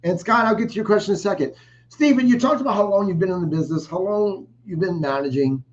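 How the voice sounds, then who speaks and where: A man's voice: sits high, quick pace, dull audio. A man hosting a wrestling podcast, asking long, winding questions in a chatty way. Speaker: podcast host.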